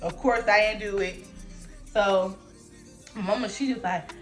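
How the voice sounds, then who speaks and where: A young woman telling a storytime vlog in casual slang, acting out voices with big jumps in pitch. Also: a little slow, soft background music. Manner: animated storytelling, acting out her own and others' lines with big pitch jumps. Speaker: vlogger.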